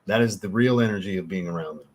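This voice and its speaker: Man, low husky voice, laid-back livestream chat, casual swearing. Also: fast. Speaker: livestream host, fragrance reviewer. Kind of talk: casual livestream chat reading super chats.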